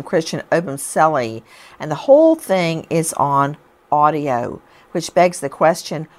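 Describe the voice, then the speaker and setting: A woman hosts a true crime program, her voice sitting a little low for a woman. She talks emphatically and presses her points with indignant rhetorical questions. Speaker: host. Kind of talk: true crime broadcast commentary.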